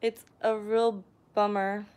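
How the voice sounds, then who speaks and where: A woman's voice: mid-range voice, flat delivery, slow, darkish tone. Chatty woman live-streaming to viewers. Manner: chatty, often clears her throat. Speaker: vlogger hosting a live stream. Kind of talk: casual live-stream chat, reading viewer comments aloud.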